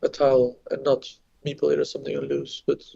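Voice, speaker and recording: Gravelly French-accented male commentator. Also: mid-range voice, fast talker, lo-fi sound, a crowd in the background. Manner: relaxed, thinks aloud with restarts. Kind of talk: live board game commentary.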